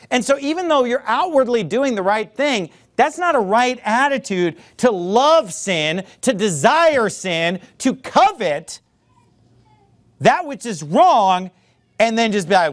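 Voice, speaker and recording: A man's voice: extremely high pitch, big pitch swings, slow. A man preaching a sermon, speaking emphatically, drawing out key words and addressing the listeners directly as folks. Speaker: pastor.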